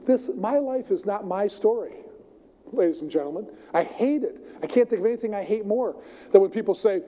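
An older man preaching a sermon, telling stories emphatically and swinging his voice between loud and soft. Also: animated, a little fast. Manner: storytelling, emphatic, varies pitch and volume widely. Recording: long hall reverb.

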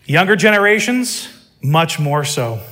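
A man's voice: fairly high pitch, very animated, measured pace, bright, forceful tone. A man preaching a sermon, emphatic and full of rhetorical questions.

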